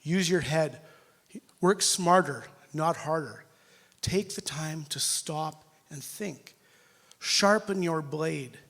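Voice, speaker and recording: A middle-aged man with a Canadian accent preaching a sermon, emotional and self-deprecating, swinging between loud and quiet. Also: a little high, takes it slowly, vocal fry. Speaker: pastor.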